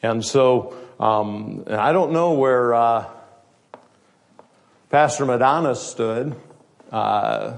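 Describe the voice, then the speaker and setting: A male pastor delivers a sermon in a conversational preaching manner. He speaks at a middle pitch, works through the text with everyday asides, and puts rhetorical questions to the congregation. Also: slow pace, gravelly, long pauses.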